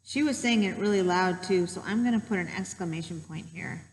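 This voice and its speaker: A woman teacher telling a true story to children in a gentle, patient way while she draws. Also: on the low side, a little fast, big-room sound, poor audio.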